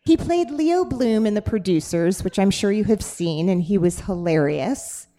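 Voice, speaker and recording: A woman hosts a live podcast taping on stage, her talk playful and chatty. She laughs easily as she jokes with her guest, and her voice sits at an ordinary middle pitch. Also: animated, normal speed, warm tone. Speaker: podcast host. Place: stage before a live audience.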